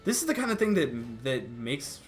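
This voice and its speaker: A man's voice: medium pitch, very animated, moderate pace. This is a young man in casual chat, his voice swinging up and down as he talks. He restarts sentences often and laughs between points, with faint music playing underneath. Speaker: youtube host.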